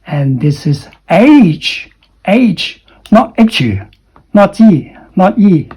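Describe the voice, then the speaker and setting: A man teaching English pronunciation. He repeats letters and sounds over and over, swings his pitch up and down to show stress, and keeps checking in with "okay?". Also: very animated, extremely slow, breathy edge, lo-fi sound. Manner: drills sounds by repeating them, with exaggerated rising and falling pitch; frequent "okay?" and "you know" check-ins. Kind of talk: pronunciation lesson.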